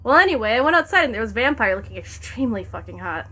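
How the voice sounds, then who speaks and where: Higher-voiced woman reading fanfic aloud. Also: big pitch swings, fast, sharp tone. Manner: breaks off laughing, wry asides. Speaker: streamer.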